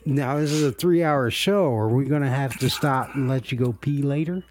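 A man's voice: mid-range voice, normal speed, a little mellow, a little hiss or hum. A man co-hosting a long online show, trading crude jokes with a friend and laughing often. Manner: laughs often, joking and teasing. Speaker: podcast co-host. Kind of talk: crude casual banter.

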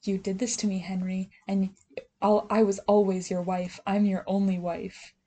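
A woman's voice: medium pitch, flat delivery, normal speed, warm tone, lightly acted. Woman doing a clingy reproachful ghost wife, barely a voice change.

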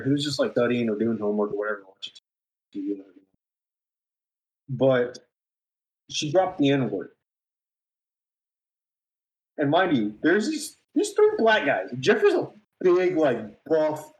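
Laughing, swearing storyteller man in an echoey room. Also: mid-range voice. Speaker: podcast co-host. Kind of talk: casual storytelling chat.

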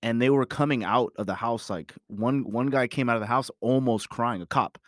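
A father tells a personal story about his family in a casual, rambling monologue, emphatic and full of swearing and "you know." His voice is mid-range and moderately paced, recorded dry with studio-quality sound.

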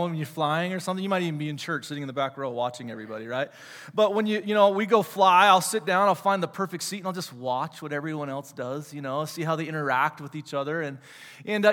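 Joking male church teacher, high voice. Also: a bit bright. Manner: chatty, joking, many fillers and rhetorical questions. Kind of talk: casual sermon with audience questions. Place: church sanctuary. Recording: long hall reverb.

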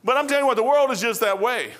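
A man's voice: very high voice, rapid-fire, a bit bright. A middle-aged male pastor preaching a sermon in a rambling, folksy storytelling way, with frequent restarts.

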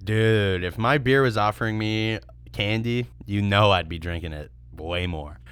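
A man's voice: lowish voice, measured pace, fairly bright tone, clear, resonant tone, no echo. Sarcastic young man on a podcast. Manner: sarcastic, rambling, laughs often. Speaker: podcast co-host reviewing beer. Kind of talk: casual comedic chat.

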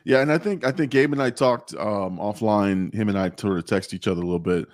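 A hoarse man hosting a podcast in a casual, excited chat, laughing often and repeating his words. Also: on the low side, brisk, no room sound. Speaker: podcast host.

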